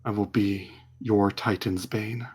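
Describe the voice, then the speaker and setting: A man voicing an ancient sentient sword that speaks in a cold, hushed, commanding whisper. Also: fairly low pitch, steady tone, takes it slowly, a little hiss or hum, pitched below the performer's own voice.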